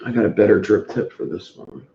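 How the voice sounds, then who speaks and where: A man's voice: fairly low pitch, steady tone, brisk, warm tone, slight background noise. A man hosting a casual live stream, rambling and greeting viewers in chat by name. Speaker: vape reviewer streaming live. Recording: dull lo-fi sound in an echoey room.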